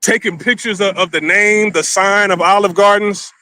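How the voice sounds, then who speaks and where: A man's voice: high-pitched, fairly even intonation, moderate pace, bright, forceful tone, no room sound. A man vlogging a casual, rambling story, crude and repetitive as he talks.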